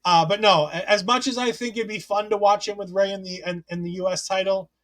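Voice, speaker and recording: Male podcast host, high voice, loose chatty recap delivery with frequent self-corrections. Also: fairly even intonation, a little fast, fairly bright tone. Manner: chatty, self-correcting, reads listener comments aloud. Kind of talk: casual wrestling recap chat.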